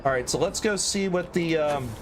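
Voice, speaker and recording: A man's voice: on the high side, normal speed, background noise. A man giving casual, rambling commentary while streaming a video game. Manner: chatty, rambling, prone to tangents.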